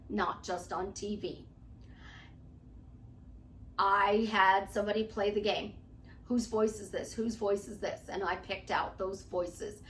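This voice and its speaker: A woman's voice: a little high, fairly bright tone, far from the mic, a little hiss or hum. A woman life coach giving a chatty, emphatic motivational talk to camera at home, acting out what her clients say.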